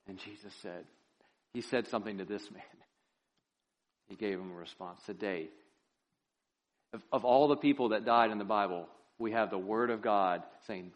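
A male pastor preaching a sermon in a church, swinging between loud, impassioned lines and hushed, quiet ones. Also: fairly low pitch, normal speed.

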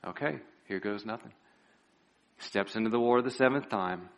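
A man preaching a sermon who retells a Bible story vividly, with lively asides and an earnest, pleading tone. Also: lowish voice, moderate pace.

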